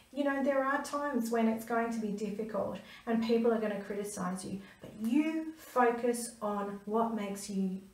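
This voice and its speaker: A woman's voice: mid-range voice, a little mellow. A woman, a stress management coach telling a personal story to camera in an earnest, emphatic way. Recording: roomy, mic at a distance.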